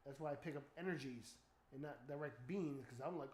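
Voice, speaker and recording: Animated, excitable man in an echoey room. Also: medium pitch, a little fast. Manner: animated storytelling with loud startled exclamations and swearing. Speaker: streamer. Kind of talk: casual chat. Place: home room.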